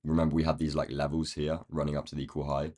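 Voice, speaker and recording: A man with a croaky, rough-sounding voice, thinking aloud in casual commentary as he marks up trading charts on a live stream. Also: extremely low pitch, flat delivery, quick pace, a little mellow. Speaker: day trading livestream host.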